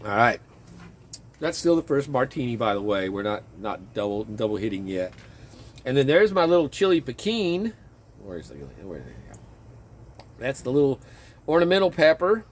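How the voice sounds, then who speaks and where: A man casually chatting in his garden outdoors, rambling and chuckling as he talks, with a relaxed, self-interrupting way of speaking. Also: medium pitch, moderate pace. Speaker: vlogger and home gardener.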